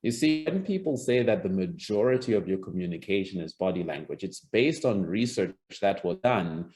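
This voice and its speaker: A man teaching presentation skills over a video call, talking conversationally with frequent restarts and acting out example lines. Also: low-pitched. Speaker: public speaking coach. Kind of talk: online presentation skills lesson.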